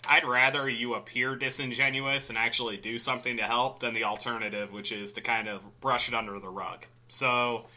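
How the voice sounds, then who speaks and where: A man's voice: mid-range voice, steady tone, fairly quick, hardly any pauses, pushed and bright. A man from Illinois co-hosting a casual podcast, bantering with enthusiastic, self-deprecating remarks. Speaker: podcast co-host.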